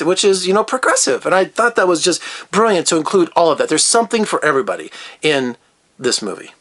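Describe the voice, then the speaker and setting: Middle-aged male critic, eager and scattered, talks fast in a fairly high register. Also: a bit bright. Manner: enthusiastic, rambling, jumps between topics. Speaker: film critic. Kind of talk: casual video review.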